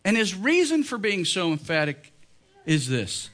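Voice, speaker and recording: Male pastor, sermon, high-pitched, slow and deliberate, emphatic. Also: huge pitch swings, fairly bright tone. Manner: emphatic, rising in pitch when stressing points. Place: church.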